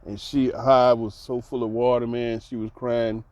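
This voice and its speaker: A man's voice: little pitch movement, normal speed, no room sound, lo-fi sound. Laughing man telling a story. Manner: laughs often while telling, drops to soft low tones; conversational, repeats words for emphasis. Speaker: host. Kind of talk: casual storytelling monologue.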